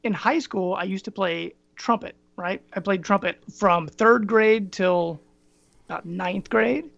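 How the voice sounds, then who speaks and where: Gruff, raspy-voiced man rambling. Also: high voice, measured pace, a bit bright, dry recording, muffled recording. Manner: rambling, tangents with many ums. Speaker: podcast guest. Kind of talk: casual chat.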